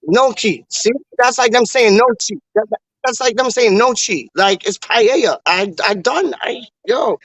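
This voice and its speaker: High-voiced New man, off-mic. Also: animated, a little slow, a bit bright, dry recording, far from the mic, low-quality recording. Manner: laid-back, stammering, slangy. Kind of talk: casual chat. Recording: off-mic, dry sound.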